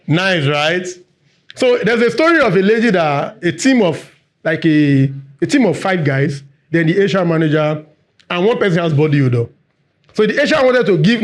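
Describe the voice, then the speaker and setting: A man giving a lively workplace training talk, talking fast and quizzing the room. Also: sits high. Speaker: workshop facilitator.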